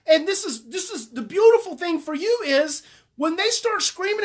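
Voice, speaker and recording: A woman speaking as a parenting coach with a high, bright-sitting voice. She talks emphatically, hammering her points home through repetition. She addresses her listeners directly, as if coaching them through it step by step. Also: very animated, moderate pace. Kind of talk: live parenting advice talk.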